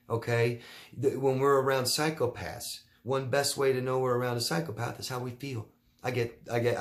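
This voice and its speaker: A man coaching viewers in a casual Q&A monologue, blunt and emphatic, often repeating his key words for force. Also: medium pitch. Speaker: relationship coach answering viewer questions.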